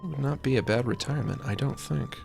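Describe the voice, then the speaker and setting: Over music, a man with a medium-pitched, creaky voice talks fast while he draws. As a streamer, he rambles casually, cracking jokes and swearing freely.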